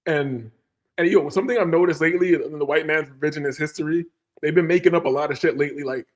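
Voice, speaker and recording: A man's voice: on the high side, quick pace. A man hosting a casual podcast, talking in a loose, slangy way full of fillers. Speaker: podcast host. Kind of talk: casual chat.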